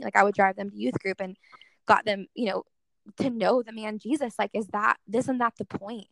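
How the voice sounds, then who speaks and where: A woman's voice: mid-range voice, fairly even intonation, moderate pace, gravelly, fairly bright tone, no room sound. A young woman telling a personal faith story in a casual interview, earnest and full of "like" fillers. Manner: earnest, heavy use of "like" as filler. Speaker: guest speaker in worship ministry.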